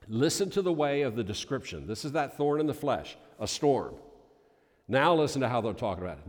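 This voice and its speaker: A male pastor telling a story in a sermon, in a folksy manner that builds to loud, emphatic peaks. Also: medium pitch, sing-song, moderate pace. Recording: long reverb of a large hall.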